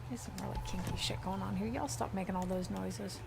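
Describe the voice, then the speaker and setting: A woman's voice: mid-range voice, a little fast, vocal fry, very noisy. An American woman streaming a video game, chatting casually and playfully, and laughing often. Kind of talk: casual gameplay commentary.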